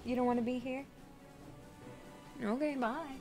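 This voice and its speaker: A woman streaming a video game, chatting casually with her viewers and cooing softly at her cat into a desk microphone. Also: sits high, fairly even intonation, unhurried. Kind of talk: casual live-stream chat. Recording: loud game soundtrack under voice. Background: game music.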